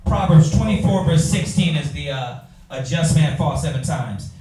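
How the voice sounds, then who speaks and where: A man, teaching a Bible class in an animated preaching style, talking straight to the room. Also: fairly high pitch, moderate pace, far from the mic, background noise. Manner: animated, talks to the room, acts out quoted voices. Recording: echoey room from afar.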